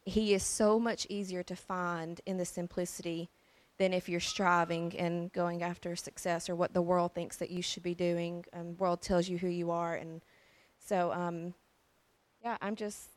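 A young woman with a slightly low voice tells her faith story in a relaxed, heartfelt way. She stops often for fillers and picks her sentences up again. The recording is dry and close. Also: a little slow, no room sound. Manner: earnest, with many fillers and restarts. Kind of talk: casual personal testimony.

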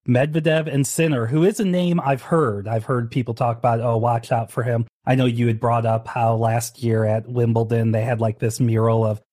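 A man's voice: mid-range voice, flat delivery, moderate pace, dark tone, dry recording, clean studio sound. A man from the United States hosting a casual podcast chat, joking and telling rambling stories. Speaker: podcast host.

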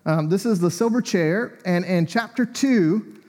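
A man's voice: high voice, a little slow, a little mellow. A man preaching a sermon in a conversational, storytelling way, often with a light chuckle.

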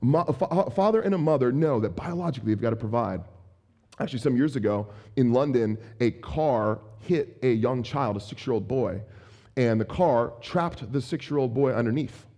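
Man, pastor, sermon, conversational asides, swooping lively delivery, warm mellow timbre. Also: medium pitch, normal speed. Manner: conversational, animated with playful asides.

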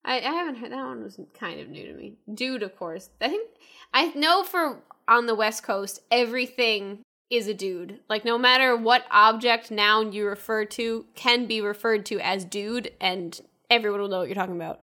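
A woman's voice: on the high side, moderate pace, pushed and bright. A woman hosting a casual podcast over a remote call, chatty and self-mocking, laughing often. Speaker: podcast host. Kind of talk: casual chat.

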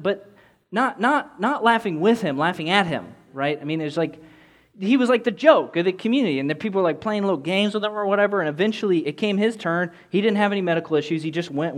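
A young man telling a personal story with candid, rambling earnestness, full of restarts and fillers. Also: high voice. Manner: earnest, rising excitement in quoted moments.

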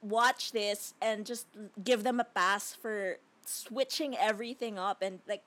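A woman's voice: mid-range voice, fairly even intonation, measured pace, fairly bright tone. A woman co-hosting a casual movie review chat who rambles and laughs while tearing the film apart. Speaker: podcast co-host.

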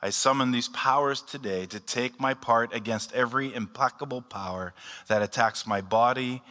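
Bright-voiced man preaching in a reverberant hall. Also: mid-range voice. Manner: calm, unhurried, leads a recited prayer. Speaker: pastor. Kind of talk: sermon with led prayer. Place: church hall.

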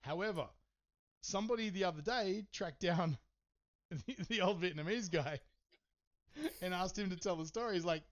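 A man's voice: high voice, moderate pace, pauses often. A man hosting a podcast, telling a story in casual chat, swearing and rambling with lots of fillers. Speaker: podcast host. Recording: slightly dull, muffled sound.

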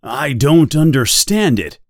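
A middle-aged police chief speaks slowly, with an uneasy, questioning edge, as a man reads his part. His voice sits a little higher than the narrator's own. The sound is dry and close. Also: very animated, no echo. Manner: worried, questioning.

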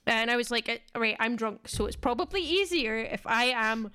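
A woman's voice: on the high side, lively intonation, moderate pace, bright, forceful tone, clean tone. A young Scottish woman co-hosting a podcast, telling stories in chatty, casual talk and laughing a lot. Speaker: podcast co-host. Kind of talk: casual storytelling chat.

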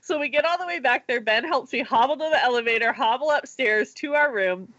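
A young woman telling a story in casual chat, animated and full of "like" and laughter. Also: sits high, fairly quick, no echo, dull audio. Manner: animated storyteller, lots of "like", laughs while talking. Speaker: podcast guest telling a story.

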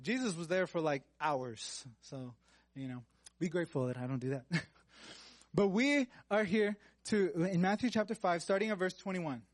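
High-voiced casual male preacher. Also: normal speed, dry recording. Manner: casual and joking, with asides between read verses. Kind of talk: conversational sermon with Bible reading.

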